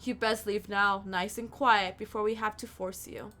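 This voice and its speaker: A woman voicing a stern male palace guard in a game, speaking gruff and commanding. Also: medium pitch, fairly even intonation, moderate pace, pushed and bright, soft background music, pitched below the performer's own voice, lightly acted.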